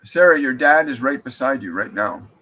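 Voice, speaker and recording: A man's voice: mid-range voice, animated, moderate pace, pushed and bright, low-quality recording. A man hosting a live stream as a spiritual medium. He reads viewer comments aloud and answers them in an earnest, reassuring way, often restarting his sentences.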